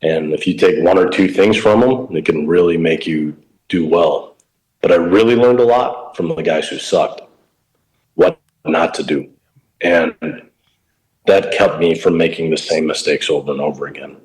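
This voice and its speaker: A middle-aged professional baseball coach appears as an interview guest, chatting casually and telling coaching stories in a plain-spoken way. His voice is deep and darkish at a normal speed, and the audio is poor.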